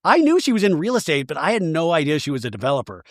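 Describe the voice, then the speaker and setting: A man hosts a podcast with a comedic TV recap, laughing often and slipping into funny voices for the people he quotes. His voice sits high and leaps up and down in lively swings. The recording is dry, with no room sound. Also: racing, no echo. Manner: animated and giggly, acting out quotes in funny voices. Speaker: podcast host.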